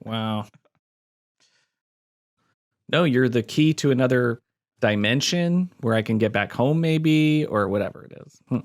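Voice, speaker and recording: A man chats casually as a podcast co-host. His talk wanders and circles back on itself. The tone stays easygoing and unhurried. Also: mid-range voice, animated. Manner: rambling, easygoing. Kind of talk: casual chat.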